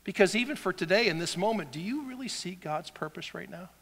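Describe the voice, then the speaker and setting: A male pastor preaching a sermon in a church, dramatic and animated, swinging from loud shouts to hushed whispers. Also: high-pitched, a little fast, in a large hall, a little hiss or hum.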